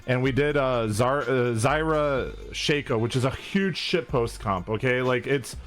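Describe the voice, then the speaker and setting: A man's voice: medium pitch, measured pace, faint music behind. A young man co-hosting a casual gaming chat, telling rambling, profane stories.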